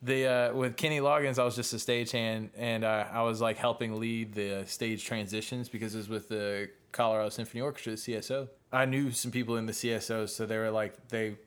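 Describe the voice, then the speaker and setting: A man's voice: on the low side, little pitch movement, a little fast, few pauses, smooth. A man hosting a podcast in casual chat, rambling storyteller who swears a lot and leans on filler words. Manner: rambling, swears often, fills with "like". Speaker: podcast host, musician.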